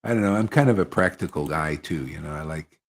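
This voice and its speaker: A man leading an informal devotional gathering, who talks in a loose, animated way, breaks into chuckles and mocks other people in put-on voices. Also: very deep voice, brisk. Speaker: spiritual teacher leading satsang.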